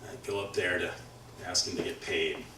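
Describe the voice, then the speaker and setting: A man's voice: low voice, flat delivery, a little fast, noisy background. A man telling a personal story at a live event, chatty and self-deprecating, acting out the other people's lines. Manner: conversational, self-deprecating, acts out dialogue. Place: community event hall. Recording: roomy hall, heard from far off.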